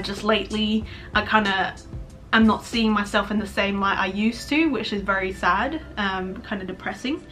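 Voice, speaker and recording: Young woman vlogger, bright voice, just rambling honestly and cursing a bit, faint music under it. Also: medium pitch. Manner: frank, rambling, swears casually. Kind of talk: candid personal vlog talk.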